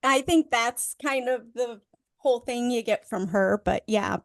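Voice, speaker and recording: Woman chatting about a movie she loved as a kid, bit high voice, dry sound. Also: a little slow, no room sound. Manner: fond, nostalgic, laughs often. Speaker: podcast co-host. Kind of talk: casual movie review chat.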